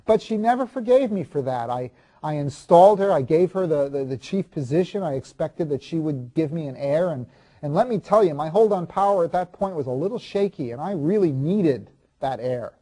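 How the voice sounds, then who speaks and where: A man playing a proud ancient king in a first-person monologue, confiding and halting, restarting and repeating his words. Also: on the high side, lively intonation, mellow. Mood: brooding. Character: proud ancient king recalling his marriage, self-justifying.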